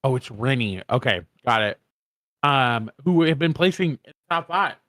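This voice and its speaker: A man co-commentating a competitive game stream, running through placements and elimination counts with relaxed asides. His voice sits at an ordinary pitch, recorded close and dry with no room sound. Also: normal speed, dry recording. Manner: rattles off standings and stats, casual asides. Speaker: co-caster. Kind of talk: esports watch-party commentary.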